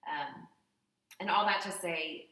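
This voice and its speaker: A woman in her thirties telling an emotional personal story in a candid, animated way, often acting out what people said. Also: fairly low pitch, slow. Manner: candid, heartfelt, animated retelling with acted-out quotes. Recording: echoey room, voice from a distance.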